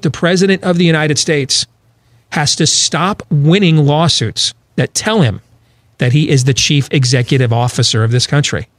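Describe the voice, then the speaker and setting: A man's voice: on the high side, no room sound. A man hosting a political talk show, talking emphatically with rhetorical questions and frequent restarts.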